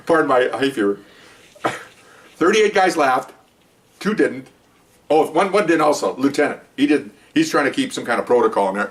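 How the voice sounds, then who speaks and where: A man's voice: mid-range voice, lively intonation, moderate pace, distant mic. An older man, a retired police officer, tells a funny story from his years on the job. He rambles, laughs at his own tale and acts out the voices of the people in it. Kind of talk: casual anecdote.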